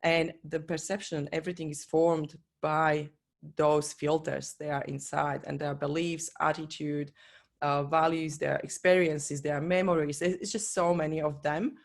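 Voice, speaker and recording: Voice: medium pitch, level tone, unhurried, creaky. A coach giving an earnest, encouraging motivational talk in non-native English, speaking straight to the listener. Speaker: business and life coach.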